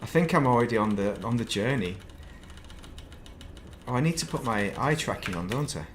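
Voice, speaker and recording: A man's voice: mid-range voice, animated, moderate pace, background noise. A man chatting casually while playing a game on stream, rambling between topics with self-deprecating asides at his desk mic. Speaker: gaming streamer.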